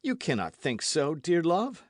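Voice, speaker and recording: A man's voice: a little high, wildly swooping pitch, measured pace, no echo, clean studio sound, voice pushed up, heavily acted. A man reading an audiobook, voicing a gallant, ardent young swordsman in an earnest, caressing manner.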